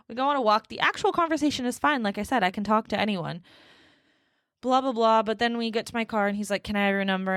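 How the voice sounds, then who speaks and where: A woman's voice: medium pitch, a bit bright, dry recording, studio quality. A young woman hosting a solo podcast, telling a dating story in a sassy, exasperated way and laughing often. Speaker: podcast host.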